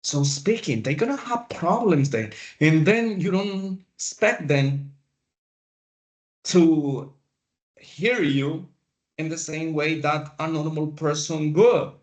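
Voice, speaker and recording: A man teaching a class, lecturing in a slow, deliberate way with pauses. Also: fairly high pitch. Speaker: instructor.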